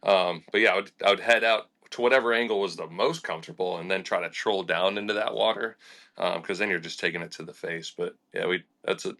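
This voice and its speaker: A young adult man, a fishing charter captain telling animated stories in a casual podcast interview, laughing and acting out quotes. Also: sits low, a little fast. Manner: animated and laughing, with lots of fillers and acted-out quotes.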